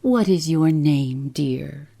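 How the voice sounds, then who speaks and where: A woman voicing a sad, aging mother who speaks softly and plaintively in a spoken story. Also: sits low, slow pace, gravelly, slightly rough, full character voice. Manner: soft and plaintive.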